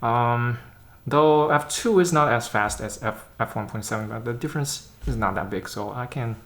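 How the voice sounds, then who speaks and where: A man doing a casual unboxing vlog about camera gear, chatting in a halting way and thinking aloud as he handles the lens. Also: mid-range voice, a bit bright, slight background noise. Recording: roomy echo.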